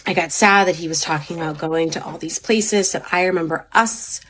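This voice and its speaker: Woman in her 30s, confessional vlog, rambling and halting, slightly low voice. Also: a bit bright, a little hiss or hum. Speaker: mother.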